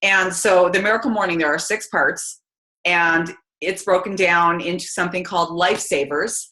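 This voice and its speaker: A chatty, energetic woman, giving a casual motivational talk to her team. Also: on the low side, moderate pace. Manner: chatty and energetic, many fillers. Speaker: team call speaker. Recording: roomy echo.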